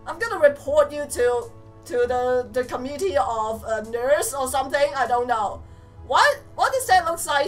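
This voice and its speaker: A young woman giving animated let's play commentary, exclaiming and teasing the game characters as she plays. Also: extremely high pitch, unhurried, soft background music. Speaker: gamer.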